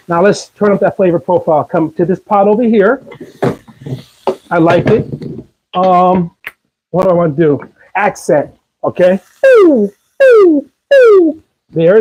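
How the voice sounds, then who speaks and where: A man's voice: high-pitched, dark tone, poor audio. A man with a Maryland accent hosting a live cooking stream from his home kitchen, chatty and upbeat as he coaxes viewers along. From Maryland, USA. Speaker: host cooking on a livestream. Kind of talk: casual cooking demo chat to viewers.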